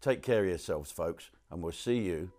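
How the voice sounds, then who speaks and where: A man's voice: sits low, animated, normal speed, darkish tone. A male host signing off the night in a blunt, chummy way, talking straight to the audience. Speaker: show host. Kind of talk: closing sign-off.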